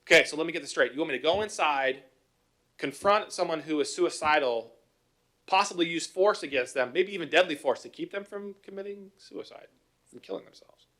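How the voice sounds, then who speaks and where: Cop addressing council, middle-aged man, raised pitch, conversational, asks rhetorical questions. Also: brisk, pushed and bright. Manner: conversational, acts out both sides of calls, rhetorical questions. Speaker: police officer presenting to city council. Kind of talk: informal presentation with anecdotes.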